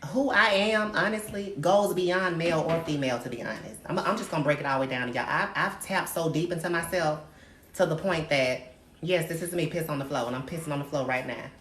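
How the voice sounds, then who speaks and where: A low-pitched, fairly bright-toned woman speaks a little fast as she hosts her livestream, unleashing a brash, profane, sassy rant on viewers she calls darling. Faint noise and a roomy echo are present.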